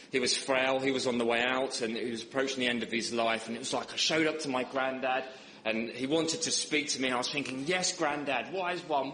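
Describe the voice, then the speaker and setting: Man, church sermon, humorous storytelling, mid-pitched voice, faint background noise. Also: a bit bright, echoey room, low-quality recording. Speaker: preacher.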